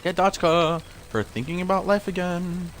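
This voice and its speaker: A man's voice: high voice, normal speed, fairly bright tone. A young man giving casual let's-play commentary, rambling and full of "like" fillers. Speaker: gamer.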